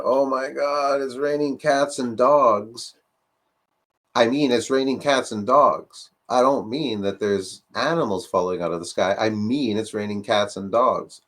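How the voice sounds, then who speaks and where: A man with a fairly low voice works through a casual discussion, driving his points home with rhetorical questions and relying on fillers.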